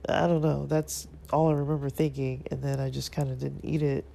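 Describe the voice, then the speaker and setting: Vlogger with a stuffy nose: heavy vocal fry, mellow tone, hesitant and rambling. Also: mid-range voice, flat delivery, a little fast, slight background noise. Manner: hesitant, rambling, many fillers. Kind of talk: casual reflective monologue.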